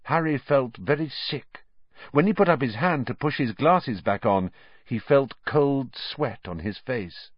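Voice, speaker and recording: A man's voice: mid-range voice, expressive, measured pace, husky, dry recording, highs cut off. A man narrating an audiobook with dramatic, suspenseful storytelling. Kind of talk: scripted narration.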